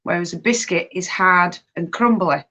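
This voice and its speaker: A woman's voice: fairly low pitch, moderate pace, sharp tone. A woman hosting a casual live stream from home while knitting. She chats and reads viewer comments aloud, reacting to them as she goes. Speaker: livestream host.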